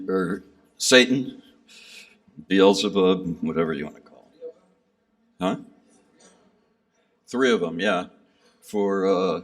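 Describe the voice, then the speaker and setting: Slow-talking man telling stories from afar. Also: low voice. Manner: rambling and self-deprecating, many fillers. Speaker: speaker recounting a pilgrimage. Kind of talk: casual storytelling talk. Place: gathering hall. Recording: speaker somewhat far from the mic.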